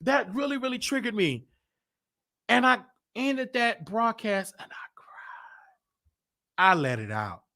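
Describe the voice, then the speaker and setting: This male host has a high, sing-song voice that sounds pushed and bright, and he speaks slowly with long pauses. On his livestream he candidly confesses details of his life, repeating himself while working things out.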